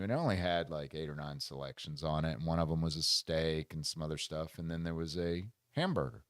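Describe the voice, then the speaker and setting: An American man hosting a casual podcast, telling a funny travel story and reading trivia questions, animated and laughing often. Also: sits low, smooth, no room sound, clean studio sound. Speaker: podcast host. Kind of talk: casual chat and trivia quizzing. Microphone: studio microphone.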